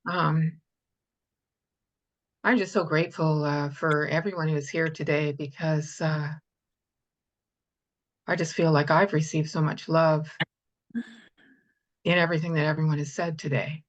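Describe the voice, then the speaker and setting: A woman sharing in a group circle, grateful and halting, with many fillers. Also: low-pitched, fairly even intonation, dull audio. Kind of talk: personal share in a group circle.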